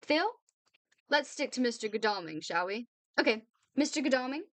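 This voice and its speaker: A woman's voice: on the high side, lively intonation, normal speed, fairly bright tone, dry recording. A woman voicing a worn-out young woman teacher. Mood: weary.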